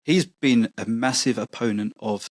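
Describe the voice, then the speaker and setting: A man's voice: medium pitch, moderate pace, no echo. A man as a podcast guest, earnest and persuasive, often stumbling and repeating words. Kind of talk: casual podcast conversation.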